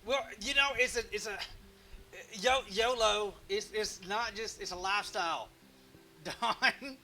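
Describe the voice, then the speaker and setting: High, bright-voiced joking man host. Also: a little slow, soft background music. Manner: rambling, joking and self-mocking, with frequent restarts. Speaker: live-stream woodcarving host. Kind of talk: casual live-stream chat.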